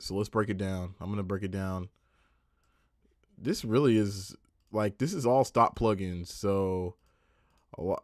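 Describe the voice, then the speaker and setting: Low-voiced man rambling through a mix. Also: darkish tone, no echo, clean studio sound. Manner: rambling, self-correcting, loose. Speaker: music producer and mix engineer. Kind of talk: casual livestream tutorial.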